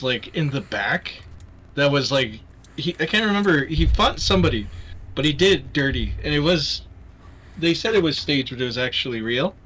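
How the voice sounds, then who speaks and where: A man's voice: on the high side, bright, forceful tone, a little hiss or hum. A man hosting a charity stream, chatting casually while gaming, rambling and swearing as he gets heated about wrestling.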